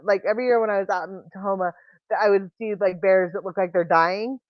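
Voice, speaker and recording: A woman hosting a livestream, talking in casual chat and telling rambling, animated stories full of restarts. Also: mid-range voice, fast talker, no echo, lo-fi sound. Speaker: livestream host.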